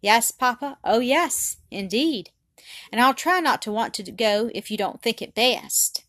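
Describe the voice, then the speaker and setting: A woman's voice: fairly high pitch, animated, measured pace, fairly bright tone, no room sound, clean studio sound. A woman reading aloud voices a dutiful little girl who speaks earnestly and politely. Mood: tender pleading.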